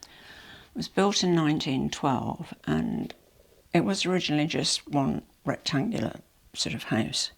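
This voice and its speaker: Low, gravelly, and expressive, this vlogger's nasal voice is a little slow and somewhat out of breath from her cold. She chats and rambles apologetically to camera at home during a casual unboxing, captured with a small microphone.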